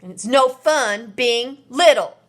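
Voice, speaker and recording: Woman doing a shrill stubborn little boy. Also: lively intonation, slow pace. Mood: insistent. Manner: shrill, loud, pleading.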